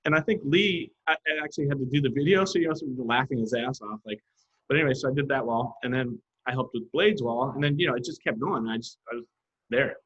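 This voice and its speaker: A graffiti artist, a man with a husky, mid-range voice, talks quickly as an animated storyteller, acting out other people's lines in quotes during casual chat. The audio sounds dull.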